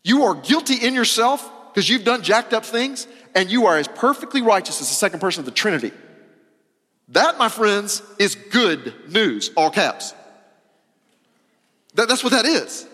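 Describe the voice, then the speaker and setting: Male pastor, high voice, emphatic casual sermon delivery, big hall reverb. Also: big pitch swings, normal speed. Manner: emphatic, repeats phrases, swings between loud and soft; casual, uses "y'all" and slang.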